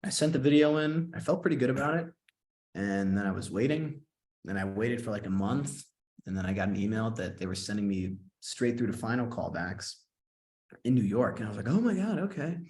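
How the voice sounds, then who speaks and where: A young man, a guest actor and singer, tells stories in a casual interview, relating events with quick bursts of excitement in a fairly low voice. He animatedly quotes himself, acting out his past reactions.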